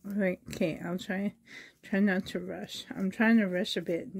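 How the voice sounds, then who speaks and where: A woman's voice: medium pitch, steady tone, a little slow, vocal fry, a little mellow, husky. A woman vlogger from Canada unboxing gifts in casual chat to the camera, gushing and exclaiming over each item, sore and a little strained in the voice. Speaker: reborn doll vlogger.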